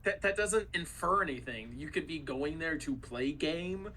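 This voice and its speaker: A man's voice: a little high, animated, moderate pace, bright, forceful tone, a little hiss or hum, rough recording. A young man from Ohio, co-hosting a podcast in casual chat, teasing lightly and laughing often. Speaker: podcast co-host.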